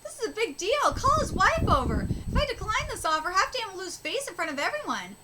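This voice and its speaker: A woman streaming a live manga reaction, reading aloud and talking excitably, swearing and stammering as she goes. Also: very high voice, a little fast, a loud crowd, poor audio. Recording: steady background noise.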